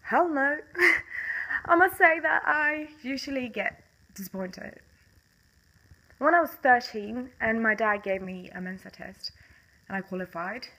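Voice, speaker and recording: A woman's voice: fairly high pitch, vocal fry, bright, forceful tone, low-quality recording. A young woman with a Swedish accent, speaking English in a casual monologue to camera, passionate and blunt, swearing often and breaking into bitter laughs.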